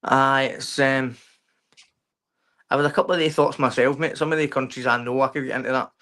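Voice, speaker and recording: A man speaking as a podcast guest in casual chat. His talk is halting and keen, with a "mate" in nearly every phrase. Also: medium pitch, steady tone, fairly bright tone. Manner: says "mate" constantly, halting and enthusiastic. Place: remote podcast stream.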